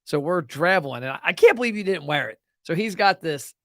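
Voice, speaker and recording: A young man hosting a casual chat, telling funny travel stories in a joking, animated way. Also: a little high, fairly quick, no room sound, clean studio sound. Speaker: podcast host.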